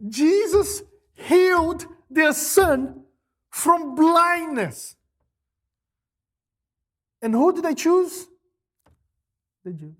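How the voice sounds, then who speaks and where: A male pastor preaching a sermon, firing off rhetorical questions and answering them, moving between loud emphasis and quiet asides. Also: very high-pitched, lively intonation, very slow, pauses often.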